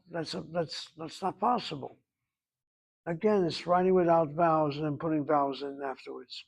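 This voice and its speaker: Higher-voiced male teacher explaining grammar. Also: a little mellow, muffled recording. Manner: explanatory, digressive, drills pronunciation. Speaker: Hebrew teacher. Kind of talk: classroom grammar lesson.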